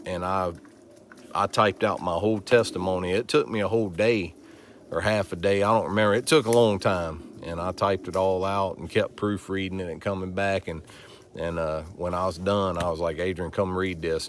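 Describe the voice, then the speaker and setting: A man's voice: deep voice, fairly even intonation, normal speed, slight background noise. A man talking casually and from the heart to his viewers, rambling and repeating himself. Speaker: family vlog host. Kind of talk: casual vlog talk.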